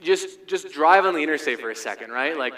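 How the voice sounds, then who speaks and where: A pastor preaching a sermon in a relaxed, conversational way, often checking in with "right?". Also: male voice, a little high, fairly quick. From United States. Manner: conversational, frequent "right?" asides.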